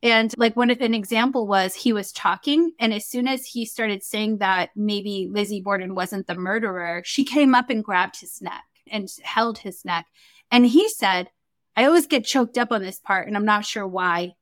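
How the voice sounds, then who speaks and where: In a mid-range voice at a moderate pace, with no echo, a young woman tells a story as a guest in a casual interview. The Akashic record reader is animated throughout and acts out what others said.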